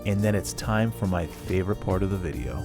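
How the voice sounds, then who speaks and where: A man's voice: deep voice, animated, a little fast, over loud music. A man hosting a casual cooking video, chatting enthusiastically as he cooks and tastes the food. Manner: chatty and enthusiastic, talks while cooking and tasting. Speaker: cooking channel host.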